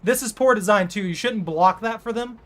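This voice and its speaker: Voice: mid-range voice, brisk, faint music behind. A gamer giving gameplay commentary while playing a killer, ranting and swearing constantly in frustration.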